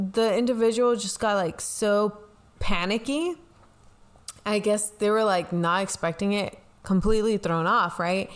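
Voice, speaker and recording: A woman's voice: medium pitch, clear, resonant tone. Young woman, talk-show co-host, casual confessional chat, rambling storyteller. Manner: rambling storytelling with many "like" and "you know" fillers. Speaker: podcast co-host, pastor's kid.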